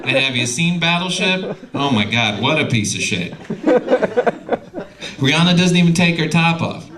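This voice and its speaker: A young man doing stand-up, swearing freely, with his pitch jumping all over the place. The club recording is soaked in loud, constant background noise. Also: moderate pace. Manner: profane, animated storytelling. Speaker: stand-up comedian. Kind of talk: stand-up comedy set. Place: comedy club stage.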